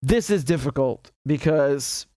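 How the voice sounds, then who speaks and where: A man's voice: on the high side, animated, unhurried, mellow, no room sound, clean studio sound. Chatty man laughing over a map. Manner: chatty, laughs often, mixes Arabic and English. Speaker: show host. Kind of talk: casual livestream commentary.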